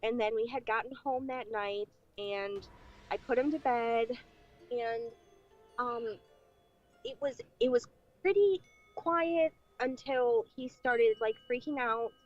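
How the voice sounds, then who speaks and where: A woman's voice: on the high side, slow pace, darkish tone. A woman telling a personal story on a podcast in a chatty way, with many fillers and retold dialogue. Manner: chatty, filler-heavy, acting out past dialogue. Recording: dull lo-fi clip with faint music.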